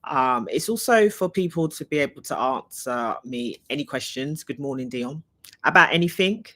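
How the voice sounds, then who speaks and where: Bright-voiced English woman chatting live. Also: low-pitched, animated, normal speed. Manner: chatty and rambling, thinking aloud. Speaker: leadership trainer hosting a live Q&A. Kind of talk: casual live-stream chat. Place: her home, moving around the house and kitchen.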